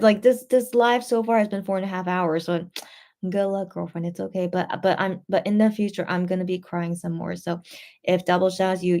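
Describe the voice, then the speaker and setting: Woman, livestream host, mellow voice, rambling, sleepy and tipsy, reads chat aloud. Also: mid-range voice. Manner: rambling, many fillers and restarts, reads comments aloud. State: tired and a little tipsy. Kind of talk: casual late-night livestream chat.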